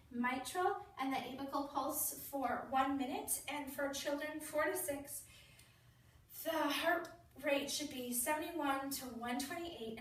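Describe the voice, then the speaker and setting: Young woman, student nurse, high voice, playful with the child, far from the mic. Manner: talks to the child patient in a bright, playful sing-song voice. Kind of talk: demonstrating a clinical assessment. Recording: very echoey room, voice from a distance.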